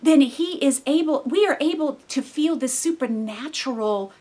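A woman giving earnest, heartfelt devotional Bible teaching, dropping to soft near-whispers and rising to loud, emphatic bursts. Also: high voice, lively intonation, moderate pace.

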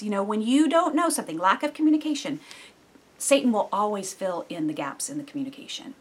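A middle-aged woman preacher with a husky, slightly breathy voice. She talks through her sermon like a chat, animated and full of asides, and drops low and soft for the serious points. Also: fairly quick. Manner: conversational and animated, with frequent asides.

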